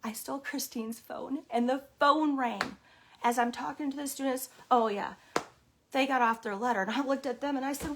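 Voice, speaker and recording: A woman telling an animated, mock-stern story while playing a thief character, with sudden exclamations and repeated catchphrases. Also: high-pitched, normal speed. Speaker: daycare owner vlogger.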